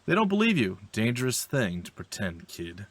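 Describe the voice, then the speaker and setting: A man reading the lines of a drunk, threatening male brigand deserter in a slow, low voice. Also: huge pitch swings, fairly bright tone. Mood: mocking.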